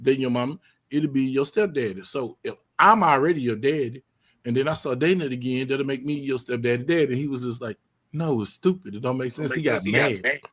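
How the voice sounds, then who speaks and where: A man hosting a casual streamed talk show, telling profane stories in an animated way that swings up to loud outbursts. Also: mid-range voice, brisk. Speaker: podcast host. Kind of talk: casual chat.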